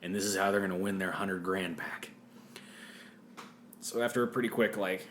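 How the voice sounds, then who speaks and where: Man, podcast co-host, casual movie recap, low voice, quick character voices, faint background hiss. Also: steady tone, fairly bright tone. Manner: retells scenes with quick offhand voices for characters.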